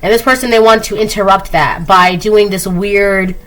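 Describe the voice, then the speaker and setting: A woman doing a casual spoken tarot reading, chatty, laughing often and acting out quick quoted voices. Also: mid-range voice, a bit bright, poor audio. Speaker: tarot reader.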